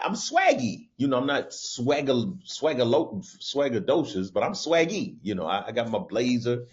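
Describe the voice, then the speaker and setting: Animated man telling road stories. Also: dull audio. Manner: animated, jumps into high voices for quoted people, frequent restarts. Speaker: comedian and podcast host. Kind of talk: casual storytelling monologue.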